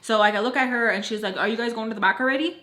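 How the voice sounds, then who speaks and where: A young woman telling a storytime in a casual chat, animated, swearing and saying "like" a lot. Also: fairly high pitch, very fast, echoey room. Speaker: storytime vlogger.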